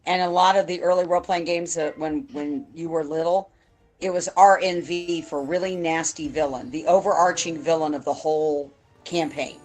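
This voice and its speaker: Middle-aged woman, low voice, faint music. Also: fairly even intonation, normal speed, a little mellow, poor audio. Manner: calls others hon and honey. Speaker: streamer's mother. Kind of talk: casual chat.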